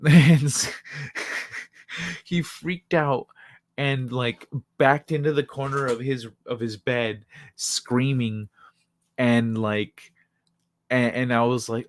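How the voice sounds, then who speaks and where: Stream host, casual storytelling, frequent laughter, loose and profane, slow unhurried pace, dry close sound. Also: mid-range voice, fairly even intonation, no room sound.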